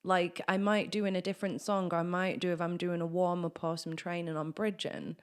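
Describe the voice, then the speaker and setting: A vocal coach speaks a little fast in a smooth, lowish voice with a level tone. Her singing lesson mixes chatty explanations of technique with sung vocal exercises.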